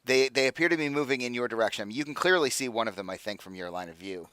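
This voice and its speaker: A man's voice: medium pitch, animated, fast talker, sharp tone, clean tone, no echo. A man narrating as dungeon master of a tabletop game, talking loosely with many fillers.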